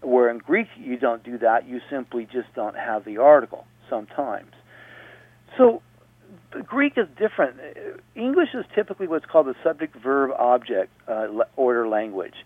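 A man's voice: medium pitch, lively intonation, normal speed, no room sound. Man teaching on phone-like radio. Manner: explanatory, repeats points patiently. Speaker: radio host. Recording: dry, phone-like radio audio.

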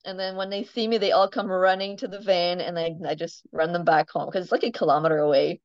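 A woman telling lively stories about her farm animals in a casual interview, laughing often and filling pauses with "um". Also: fairly low pitch, no room sound, dull audio. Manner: chatty storyteller, laughs often, many ums. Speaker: farm animal owner, guest.

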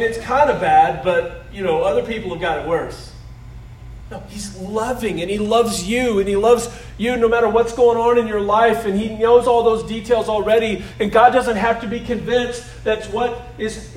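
A middle-aged male pastor delivers a conversational sermon with a fairly high voice. He moves between loud emphasis and soft, hushed asides. The sound is roomy and echoey, picked up from some distance away. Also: normal speed, slight background noise.

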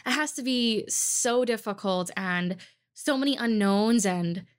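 A woman's voice: mid-range voice, measured pace, smooth. A woman hosting an interview, bubbly and full of fillers like "um" and "like". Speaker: host. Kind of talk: casual interview chat.

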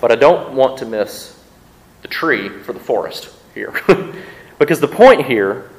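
A male pastor preaching a sermon in a church, speaking conversationally to his congregation and often repeating words quickly as he thinks aloud. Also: medium pitch, animated, a little hiss or hum, low-quality recording.

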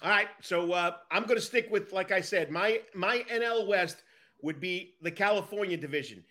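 This podcast co-host has a high, sharp-toned voice and a moderate pace. He keeps a casual baseball conversation rolling with an upbeat manner.

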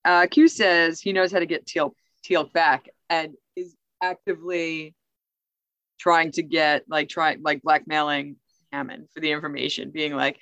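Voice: mid-range voice, level tone, a little slow, pushed and bright, clear, resonant tone, no echo. Chatty podcast co-host, dry sound. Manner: chatty, says "like" often, laughs easily. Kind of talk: casual episode recap chat.

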